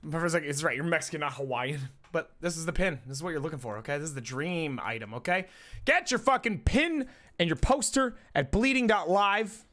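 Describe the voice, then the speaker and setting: Man, live streamer, casual chat, high voice, bright tone, rambling, profane, restarts mid-sentence. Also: lively intonation, fairly quick. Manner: rambling, profane, self-interrupting.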